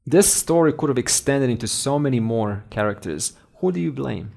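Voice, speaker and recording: A man's voice: medium pitch, lively intonation, moderate pace, creaky, a little mellow. A man teaching a spiritual lesson through a story, conversational and asking his listeners questions. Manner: conversational, asks the audience questions. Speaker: Vedanta teacher.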